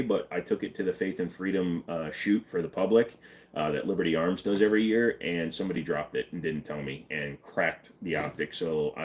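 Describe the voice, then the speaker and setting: A man hosting a live stream, casually reading and answering chat questions in an offhand, joking way. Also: low voice.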